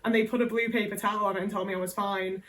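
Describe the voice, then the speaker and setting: A woman's voice: medium pitch, fairly even intonation, racing, fairly bright tone, far from the mic, low-quality recording. A young English woman vlogger telling a personal story to camera, candid and sweary, with lots of "like".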